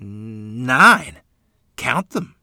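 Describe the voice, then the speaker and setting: A man voicing a calm, capable ranch neighbor who speaks in a plain, easygoing way in an audiobook. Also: mid-range voice, drawn-out words, gravelly, no echo, studio quality, exaggerated voice. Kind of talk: audiobook character voice.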